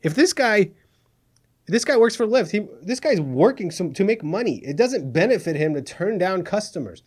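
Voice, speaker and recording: A man's voice: sits high, big pitch swings, normal speed, a little mellow. A man hosting a satirical news show, sarcastic and exasperated, often laughing at his own jokes. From Middle East. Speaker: comedy news host.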